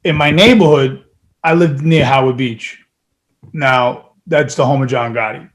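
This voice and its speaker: A man's voice: mid-range voice, unhurried. A man from New York, a guest musician, telling stories in a casual interview with frequent swearing. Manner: profane, animated storyteller.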